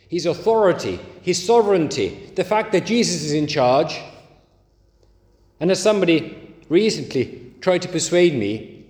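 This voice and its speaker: A man preaching a sermon, leaning hard and slowly on key words. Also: fairly high pitch, a little mellow. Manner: emphatic, slow stresses on key words. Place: church. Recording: echoey church hall.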